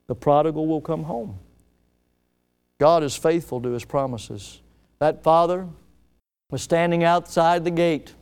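A man preaching a sermon at an evening church service. He tells a story dramatically, swelling loud and then dropping soft, and slows down to stress key words. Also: fairly high pitch, clean tone. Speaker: pastor.

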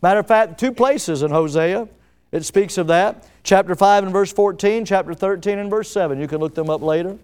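A man preaching a sermon at an evening church service. He tells a story dramatically, swelling loud and then dropping soft, and slows down to stress key words. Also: high-pitched, clear, resonant tone. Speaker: pastor.

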